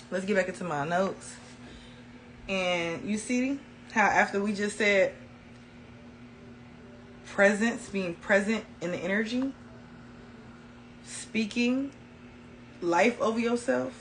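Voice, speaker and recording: A woman's voice: medium pitch, slow, long pauses, fairly bright tone, a little hiss or hum, poor audio. A woman talking casually to her viewers about spirituality, emphatic and colloquial, repeating key phrases for effect. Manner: casual colloquial speech, addresses viewers as y'all. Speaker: spiritual reader.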